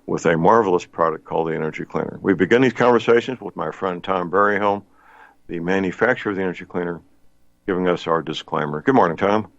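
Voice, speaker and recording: A man's voice: low-pitched, quick pace, gravelly, no echo. An older man hosting a radio talk show, chatting in a folksy, rambling way with many fillers. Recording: dull lo-fi radio sound.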